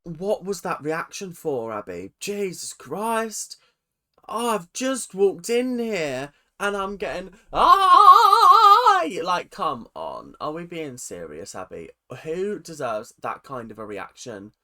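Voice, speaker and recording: A man hosting a reaction video in his bedroom, chatting casually and animatedly, breaking into sudden high outbursts as he mimics reactions. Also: wildly swooping pitch, slow pace. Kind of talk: casual commentary.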